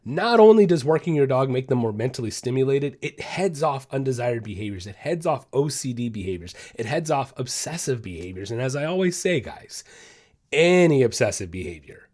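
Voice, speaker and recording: A man's voice: mid-range voice, very animated, fairly quick, darkish tone. A man hosting a dog podcast, talking in a casual, emphatic way and repeating phrases to drive his point home. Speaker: podcast host and dog trainer.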